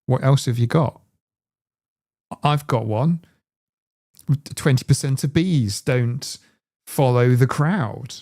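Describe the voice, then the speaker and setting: A man's voice: medium pitch, slow, pauses often, a little mellow. A man hosting a live stream, chatting casually in a rambling, digressive way. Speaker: streamer host.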